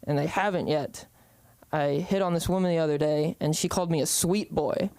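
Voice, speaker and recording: A man's voice: a little high, steady tone, fairly quick, vocal fry, a little mellow. A young man from the Bay Area doing open-mic stand-up, rambling with lots of ums and hesitations. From San Francisco Bay Area. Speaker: stand-up comedian.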